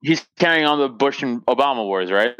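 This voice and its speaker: Animated, profane stand-up comedian man. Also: medium pitch, clean tone, dry recording. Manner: animated, profane, joking, quick to laugh. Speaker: stand-up comedian, podcast guest. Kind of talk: casual podcast chat.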